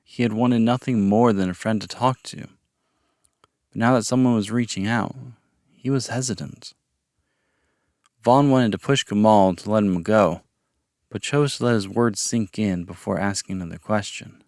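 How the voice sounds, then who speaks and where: Man, storyteller, calm measured narration, low voice, dry sound. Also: dry recording. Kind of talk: audiobook-style story narration.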